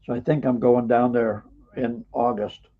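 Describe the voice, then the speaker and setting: Older man, raspy voice over a tinny line. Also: mid-range voice, fairly even intonation, a little slow. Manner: folksy, emphatic, peppered with uhs and mild cursing. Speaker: guest, author and historian. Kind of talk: rambling anecdotal storytelling. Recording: tinny phone-like call audio.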